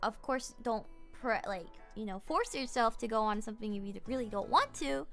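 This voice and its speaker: A woman's voice: fairly high pitch, expressive, normal speed, fairly bright tone, faint music behind. A woman streamer chatting casually from her home setup, rambling and giggling with lots of fillers.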